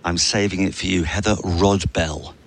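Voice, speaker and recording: A man's voice: sits low, steady tone, normal speed. A man with a headset giving tennis analysis, chatty and given to dry jokes. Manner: chatty, dry joking asides. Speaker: tennis co-commentator. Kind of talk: live sports commentary. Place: commentary box at a tennis stadium. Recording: noisy outdoor venue background.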